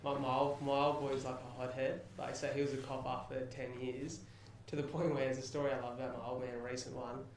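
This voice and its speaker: A man's voice: mid-range voice, little pitch movement, a little fast, few pauses, slight background noise. A young man hosting a podcast, telling a story in casual chat and swearing freely. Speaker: podcast host. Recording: roomy echo, mic at a distance.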